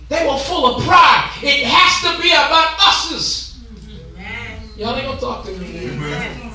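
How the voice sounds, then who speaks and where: A high-voiced, bright-toned man preaches a Pentecostal sermon, punctuating his phrases with gasped "huh"s and stretching out his words as he shouts. His voice carries through a very echoey church sanctuary, picked up from a distance. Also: big pitch swings, slow pace, pauses often. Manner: call-and-response preaching with rhythmic "huh" gasps; shouting and drawing out key words.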